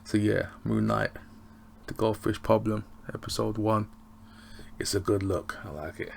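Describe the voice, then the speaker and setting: A man's voice: lowish voice, a little slow, creaky, a little hiss or hum. A man chatting casually as he reviews a TV episode, slangy and rambling with frequent chuckles. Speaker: TV review vlogger.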